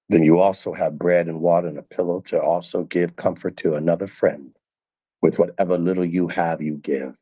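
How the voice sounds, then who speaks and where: A man's voice: low voice, steady tone, normal speed, dark tone, breathy edge, no room sound, muffled recording. A male preacher giving a sermon, emphatic and repeating phrases for stress.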